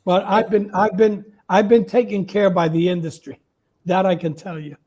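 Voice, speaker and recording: A man hosting and interviewing a guest in an unhurried, relaxed casual chat. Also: high-pitched, breathy edge. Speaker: host interviewer.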